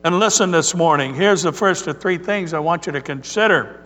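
A man preaching a sermon as pastor, telling stories in an earnest, measured way. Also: a little high, a bit bright, in a large hall, faint music behind.

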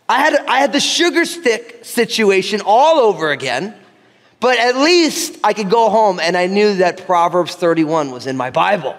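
Male pastor from New Jersey, high voice, chatty self-mocking storyteller, recorded in a reverberant hall. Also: expressive, normal speed, a bit bright. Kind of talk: sermon.

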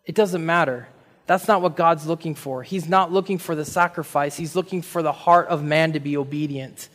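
A man's voice: on the high side, moderate pace. A man preaching a sermon, retelling a Bible story in casual speech and acting out the figures' words with animation. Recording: reverberant hall.

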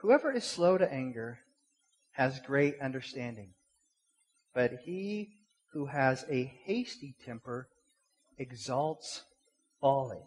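A man's voice: medium pitch, very animated, takes it slowly, long pauses, a little mellow, slightly rough. A middle-aged man, preaching a sermon in a casual, conversational way, full of rhetorical questions and repeated words. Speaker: pastor. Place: church sanctuary. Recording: long hall reverb.

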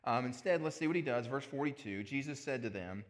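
A man's voice: medium pitch, lively intonation, fairly quick. A man preaching a sermon as pastor, conversational, with asides and rhetorical questions.

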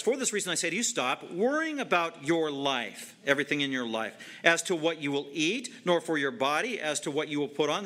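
A man's voice: fairly high pitch, sharp tone. A man preaching a sermon, emphatic and repetitive, driving home short commands. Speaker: pastor.

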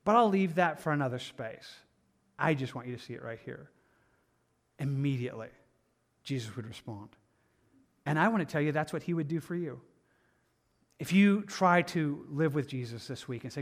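Pastor, male, slightly high voice, lively sermon delivery moving from booming to hushed. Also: normal speed, pauses often. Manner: animated, swings between loud emphatic and soft hushed.

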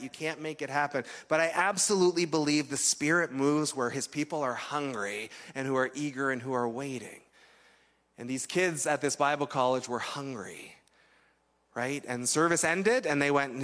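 A man's voice: on the high side, a bit bright, big-room sound. A man preaching a sermon as pastor, telling a story in a loose, conversational way with fillers and restarts.

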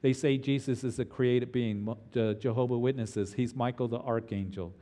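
A man's voice: mid-range voice, steady tone, normal speed, dark tone, long reverb tail. A middle-aged man preaching an expository sermon as a pastor, earnest and emphatic, often restarting his phrases as he teaches.

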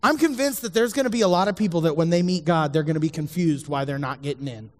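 A man's voice: on the high side, fast. A man preaching a sermon as a youth pastor, speaking earnestly to his listeners and repeating the key lines. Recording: long hall reverb.

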